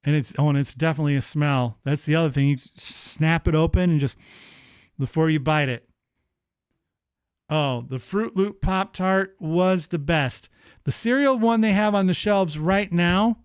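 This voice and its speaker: A show host chats casually on his live stream from a streaming setup, animated and profane, playing up his feelings in mock emotion. His voice is on the high side, a little slow, clear and resonant, captured in a dry, clean studio recording.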